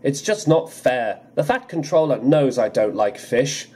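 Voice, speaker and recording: A man's voice: mid-range voice, sing-song, a little slow, a little mellow, breathy edge. Thomas, a man doing a grumbling little engine. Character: cheeky, easily annoyed small male tank engine. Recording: music playing under the voice.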